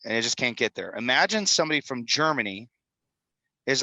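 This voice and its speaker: A man in his fifties speaks as an interview guest with a bright, forceful tone. He talks energetically, rambling from point to point with a salesman's push. The recording is dry and close. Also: mid-range voice, big pitch swings, a little fast, dry recording, lo-fi sound. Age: 50s. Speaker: guest, film executive producer. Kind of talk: animated podcast interview talk. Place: studio in Utah.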